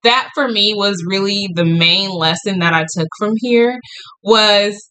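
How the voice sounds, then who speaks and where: Bright, excitable woman podcast host. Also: medium pitch, a little slow, low-quality recording. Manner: excitable, stumbles and laughs, talks to listeners as y'all. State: hyped up. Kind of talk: casual Bible study podcast.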